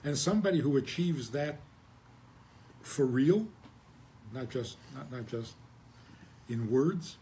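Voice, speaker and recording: A man's voice: medium pitch, expressive, slow, pauses often, mellow, a little hiss or hum. A man, a rabbi, giving a conversational religious talk with wry humor, rhetorical questions and frequent chuckles.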